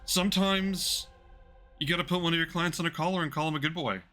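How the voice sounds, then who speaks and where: A man's voice: a little high, quick pace, sharp tone, soft background music. A man narrating a romantic tabletop one-shot as game master, in a casual, rambling way full of fillers.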